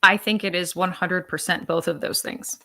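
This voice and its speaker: Bright, gravelly-voiced woman co-host. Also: fairly low pitch, fairly even intonation, normal speed. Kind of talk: casual live-stream chat.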